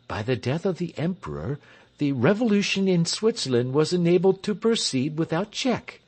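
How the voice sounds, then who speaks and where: A man narrating an audiobook as scripted narration, in an expressive storytelling manner. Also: fairly high pitch, moderate pace.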